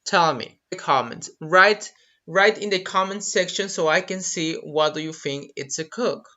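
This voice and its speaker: An English teacher with Spanish as a first language, leading a live online lesson, drilling vocabulary slowly and repeating phrases with Spanish translations mixed in. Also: medium pitch, bright, forceful tone. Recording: dull lo-fi webinar audio.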